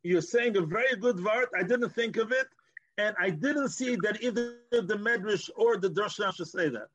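High-voiced man teaching a Torah class. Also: normal speed, fairly bright tone, lo-fi sound. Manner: explains with Hebrew and Yiddish terms, frequent restarts.

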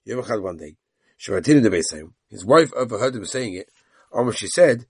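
A man's voice: lowish voice, lively intonation, brisk, vocal fry, husky, no echo, clean studio sound. A man teaching a Talmud lesson, reading the Aramaic text aloud and retelling it in English with voiced quotes of the characters.

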